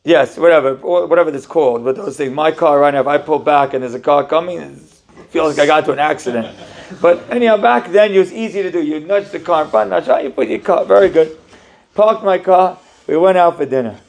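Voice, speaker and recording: Animated rabbi telling a story, gravelly. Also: male voice, fairly high pitch, brisk. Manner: animated, conversational, addresses the audience. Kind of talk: storytelling sermon.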